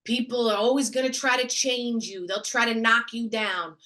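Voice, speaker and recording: A woman doing her gruff old father's voice. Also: fairly high pitch, steady tone, moderate pace, sharp tone. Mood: firm. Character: her gruff older father giving blunt advice. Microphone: video call.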